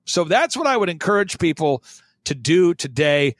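Guest: fervent, direct man with a high voice; blunt, punchy delivery; dry sound. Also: big pitch swings, normal speed, no room sound. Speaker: guest speaker. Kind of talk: fervent conversational preaching.

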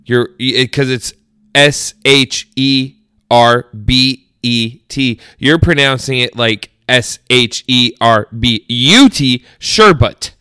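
A man's voice: mid-range voice, fairly even intonation, slow, bright, forceful tone, smooth, no echo, studio quality. A young man co-hosting a casual podcast, joking and arguing playfully, repeating words for laughs. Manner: jokey, argumentative, repeats words for comic effect. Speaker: podcast co-host. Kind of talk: casual chat. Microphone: studio mic.

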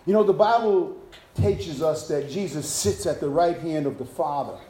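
A man preaching a sermon as pastor, rising from calm explanation into fervent, shouted exhortation. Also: a little high, moderate pace. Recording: echoey room.

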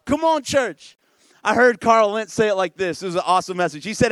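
A male pastor preaching a lively, conversational sermon who often checks in with the congregation. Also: high voice, fairly quick, clear, resonant tone, no echo.

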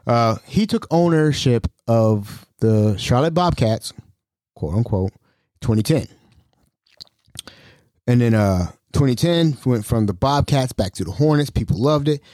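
Animated, laughing podcast host man. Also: mid-range voice, measured pace, no echo, studio quality. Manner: rambling, self-mocking, laughs often. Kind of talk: casual solo podcast talk.

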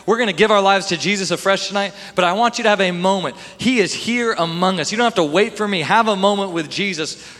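A young man preaching a sermon in a church hall, animated and acting out Bible scenes in voices. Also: high voice, quick pace. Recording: long hall reverb.

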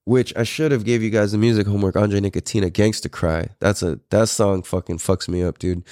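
A man's voice: lowish voice, fairly even intonation, fairly quick, dark tone, no room sound, clean studio sound. A man in his thirties hosting a podcast, telling a story in a rambling, profane way with many fillers. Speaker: podcast host. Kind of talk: casual storytelling.

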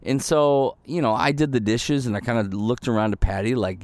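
A man's voice: mid-range voice, moderate pace, few pauses, dry recording. A man in his thirties preaching a casual, candid sermon, full of fillers and little acted-out quotes. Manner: conversational and candid, many fillers, acts out little quoted voices. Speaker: pastor.

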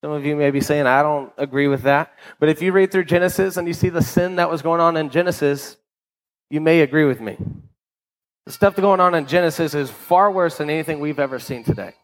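On a rough recording, a pastor with a voice on the high side preaches at a fairly quick clip. He talks to his listeners conversationally, often asking "right?", and repeats words when he restarts.

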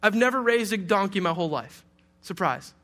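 A man's voice: sits high, expressive, fairly quick, bright, forceful tone. A young man from Detroit preaching a sermon to a congregation, conversational and humorous, with playful asides. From Detroit, USA. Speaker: pastor.

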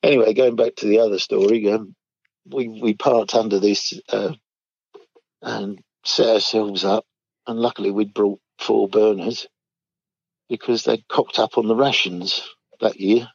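A man's voice: lowish voice, steady tone, unhurried, vocal fry, breathy edge, no echo. An older man, casually telling army stories and often chuckling. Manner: chuckles often, acts out quoted voices. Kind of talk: casual storytelling chat. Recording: dull dry recording.

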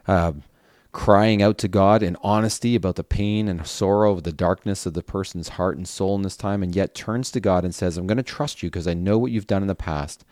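A man with a very low voice reads scripture aloud and comments on it, earnest and steady. The sound is dry and close, with no room around him. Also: dry recording. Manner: earnest, with small restarts when reading. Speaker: Bible reading host. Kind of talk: scripture reading with reflection.

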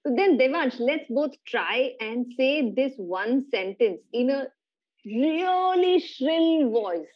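A woman's voice: a little high, a little slow, hardly any pauses, highs cut off. A middle-aged woman hosting a podcast, patiently explaining science in casual chat with a child and laughing often. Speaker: podcast host.

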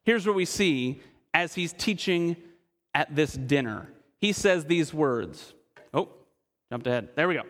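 A man preaching a sermon as pastor, earnest, asking his listeners direct questions and slowing to a hush for emphasis. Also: a little high, expressive, long reverb tail. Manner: slows and drops quiet for emphasis.

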